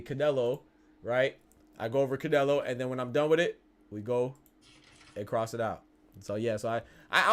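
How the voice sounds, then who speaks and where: A man's voice: medium pitch, smooth. A man hosting a live boxing stream, chatting casually and asking viewers whether they follow him. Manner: chatty, tag questions, quick restarts.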